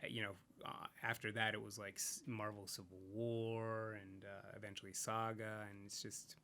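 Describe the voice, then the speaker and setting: A man's voice: on the low side, little pitch movement, normal speed, bright, forceful tone, a little hiss or hum. A man talking casually as a podcast guest, rambling and reflective, with many fillers and restarts. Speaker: podcast guest, comics creator. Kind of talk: casual interview chat.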